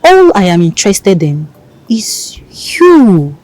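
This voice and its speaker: A woman's voice: mid-range voice, sing-song, takes it slowly, poor audio. An actress with a Nigerian accent playing a devoted young heiress who reassures her lover in a film drama. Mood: tender. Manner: tender, reassuring, shifts into pidgin.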